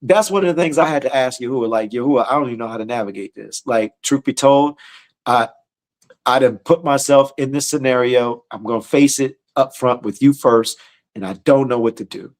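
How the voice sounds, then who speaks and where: A man's voice: medium pitch, a little fast. A man teaching scripture in a casual, slangy sermon style, often repeating and restarting his words. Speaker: teacher leading a scripture study.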